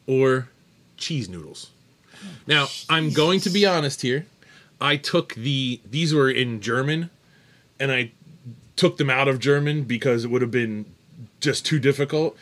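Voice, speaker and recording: A man's voice: mid-range voice, a bit bright. A man hosting a casual podcast trivia segment, reading out questions and joking with his co-hosts. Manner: jokey, laughs often, reads trivia questions aloud. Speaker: quiz host of a podcast. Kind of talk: casual chat.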